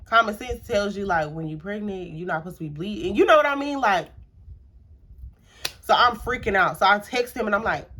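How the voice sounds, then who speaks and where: A woman's voice: medium pitch, lively intonation, a little fast, bright, forceful tone. A young adult woman casually telling a personal story to camera, chatty, repeating herself and using many filler words. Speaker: storytime vlogger.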